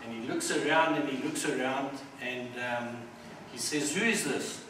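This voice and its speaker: A man's voice: mid-range voice, measured pace. A man giving an informal community speech with a joke, hesitant, with many ums and restarts. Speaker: community speaker. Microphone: distant mic. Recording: echoey hall from far off with background noise.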